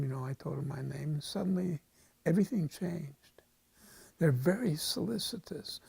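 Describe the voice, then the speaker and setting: Give me a wry older man in his eighties, husky and rambling, recorded dry. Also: a little high, lively intonation, a little slow, a little mellow, no echo. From United States. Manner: wry, anecdotal, wandering. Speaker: interviewee. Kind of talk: casual storytelling.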